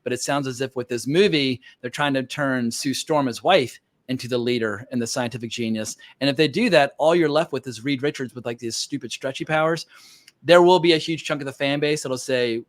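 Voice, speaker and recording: A man's voice: medium pitch, brisk, no room sound. A man hosting a casual podcast chat, opinionated and rambling, with plenty of fillers. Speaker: podcast host.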